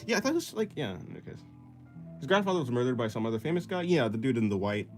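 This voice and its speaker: A man chatting casually on a drawing stream, his pitch bouncing up and down with a lot of movement. He reads viewer messages aloud and answers in a loose, self-deprecating, rambling way, often laughing. A soft guitar plays quietly behind him. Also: sing-song, quick pace. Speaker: art livestreamer. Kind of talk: casual livestream chat while sketching, reading chat aloud.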